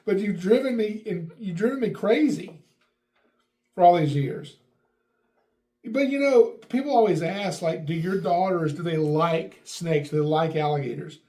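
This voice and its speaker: A middle-aged man hosting a podcast, telling a family story in a lively way and acting out what people said. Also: sits high, unhurried. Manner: animated, acts out quotes with raised voice. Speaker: podcast host. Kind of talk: casual storytelling.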